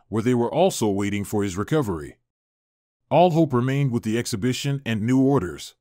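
Steady male storyteller, dry close sound. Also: medium pitch, no echo. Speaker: narrator. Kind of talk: scripted story narration.

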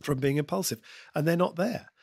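A British man, a guest comedian and impressionist, chatting on a podcast in an animated, digressive storytelling manner. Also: a little high, a little fast, slightly rough, no echo, clean studio sound. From United Kingdom. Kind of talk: podcast conversation.

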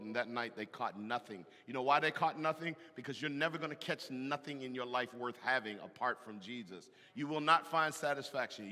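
A man preaching a sermon, animated and emphatic, with loud bursts and call-and-response to the congregation. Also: mid-range voice. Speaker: pastor. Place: large church hall. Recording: echoey hall from a distance.

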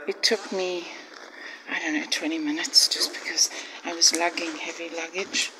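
Older lady walking thru a village talking to her phone, half whispering sometimes, lots of noise. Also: on the low side. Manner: chatty, admiring, often drops to a hushed voice. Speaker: vlogger. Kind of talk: walking tour vlog. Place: outdoors in a village street. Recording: loud background noise.

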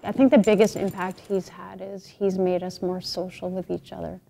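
A woman who leads a paramedic peer support program, speaking earnestly and in a measured way in a documentary interview. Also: on the low side, flat delivery, vocal fry, mellow.

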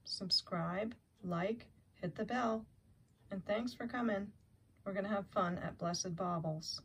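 A woman hosting a casual jewelry unboxing vlog, chatty and excitable as she unpacks at a table. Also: medium pitch, slow pace. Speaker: jewelry reseller and channel host. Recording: clear crinkling and rustling of packing. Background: clear crinkling and rustling of packing.

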